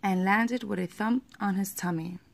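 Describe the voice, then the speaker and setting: A woman reads a children's picture book aloud at a steady, normal pace, making the odd small slip. Her mid-range voice carries vocal fry.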